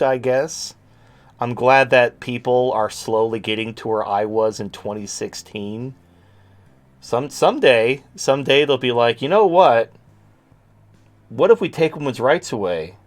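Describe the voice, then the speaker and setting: Profane, sarcastic man ranting on a livestream. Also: lowish voice. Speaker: show host. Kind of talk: livestream rant.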